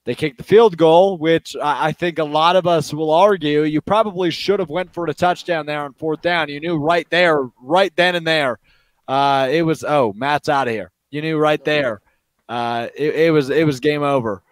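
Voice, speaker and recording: A man hosting a post-game sports talk show, talking quickly with lots of fillers and getting worked up. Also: a little high, dry recording. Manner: fast, excited, many fillers. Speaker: show host.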